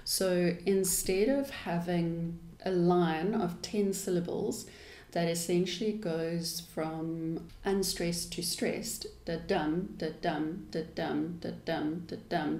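A woman's voice: lowish voice, fairly even intonation, takes it slowly, darkish tone. A woman, an English teacher explaining a poem in a thoughtful, explanatory way. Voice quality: thoughtful, explanatory manner with restarts. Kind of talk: poetry lesson. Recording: echoey room.

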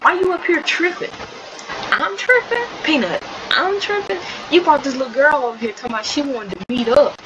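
A woman doing a sharp-tongued young farmer woman. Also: on the high side, natural voice. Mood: indignant. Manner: snappy, dismissive, quick comebacks. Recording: slightly dull recording with steady background noise.

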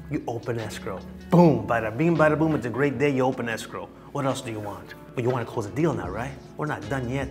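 Animated male real estate instructor. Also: medium pitch. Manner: lively, theatrical, acts out dialogues. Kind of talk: animated teaching talk.

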